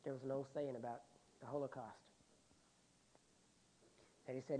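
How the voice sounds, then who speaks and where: A man preaching a sermon and recounting a personal story with deep emotion, often dropping to a hushed voice. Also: fairly even intonation, moderate pace, long pauses, slight background noise, rough recording.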